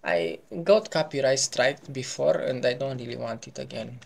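Gravelly male gamer, casual and playful commentary, excitable, goofy sound effects. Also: medium pitch, moderate pace. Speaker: gaming YouTuber.

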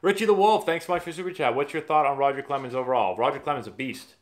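Speaking fast at a medium pitch, a Massachusetts man runs a casual live stream and answers questions from viewers. He's a rambling, talkative storyteller who keeps restarting what he's saying.

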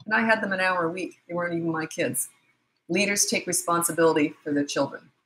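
A woman's voice: on the low side, quick pace, fairly bright tone, rough recording. A middle-aged woman parenting coach giving blunt, emphatic advice in a casual talk, acting out short exchanges between parents and children.

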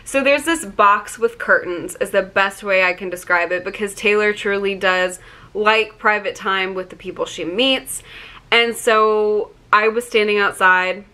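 A young woman telling a story in a casual storytime vlog, excited and gushing, saying "like" often. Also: medium pitch, unhurried. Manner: excited, gushing, heavy use of "like". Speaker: vlogger.

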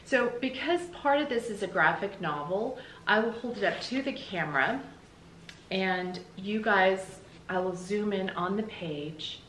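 A woman's voice: mid-range voice, animated, a little slow, a bit bright. A woman teacher reading a book aloud to children, explaining the pictures in a friendly way. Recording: echoey room with faint hiss.

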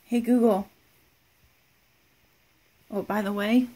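A woman's voice: mid-range voice, fairly even intonation, slow, dark tone. A woman giving a casual home review of a smart speaker, talking to it with dry amusement. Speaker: product reviewer.

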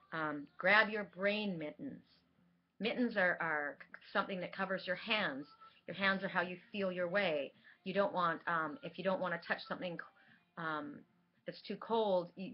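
A woman's voice: fairly low pitch, dull audio. A woman vlogger talking earnestly and rambling, with many fillers and restarts, recorded at home. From Southern California. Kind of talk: casual spiritual vlog talk.

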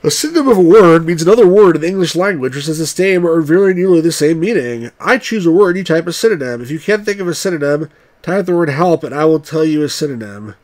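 A man with a somewhat high voice hosts a let's-play of old computer games. He reads the on-screen prompts aloud in a steady voice, then breaks off into wry, grumbling asides as he plays. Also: fast talker. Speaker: game reviewer and channel host.

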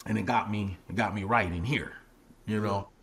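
A man's voice: lowish voice, normal speed, a bit bright. A middle-aged man, an actor and comedian guest, telling stories in a casual chat, acting out voices and laughing often. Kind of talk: animated storytelling in casual chat.

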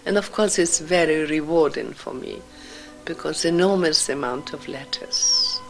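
Older woman, slow halting testimony, gravelly fry, breathy whispers. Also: deep voice, music in the background, rough recording. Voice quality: gravelly, husky voice. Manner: slow, emotional, halting delivery with whispered passages. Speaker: Holocaust survivor speaker. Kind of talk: personal testimony.

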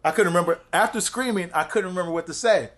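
A man, a comedian and actor, telling stories as a podcast guest, animated and profane, acting out quotes and laughing often. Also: high voice, fast talker. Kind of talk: casual chat, storytelling.

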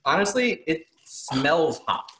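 Excitable podcast guy, bright tense voice bouncing all over, echoey room. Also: fairly high pitch, slow pace. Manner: excitable, groaning through a spicy chip challenge. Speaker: podcast host. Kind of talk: casual group chat.

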